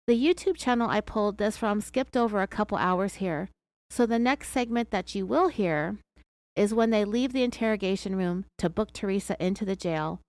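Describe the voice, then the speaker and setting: A woman's voice: mid-range voice, normal speed, a little mellow, no room sound. A woman with an American accent hosting a true crime podcast, telling the story in a sarcastic, chatty way. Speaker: podcast host.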